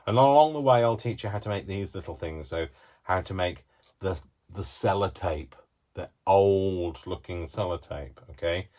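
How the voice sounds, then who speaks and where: A man's voice: deep voice, moderate pace, darkish tone. A man hosting a live craft tutorial in a small craft room, rambling with jokey, self-deprecating asides.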